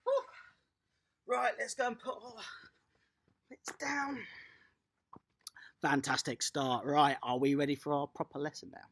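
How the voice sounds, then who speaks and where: A toddler tennis coach leading a lively online lesson for small children, upbeat and encouraging, praising each child by name. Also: medium pitch.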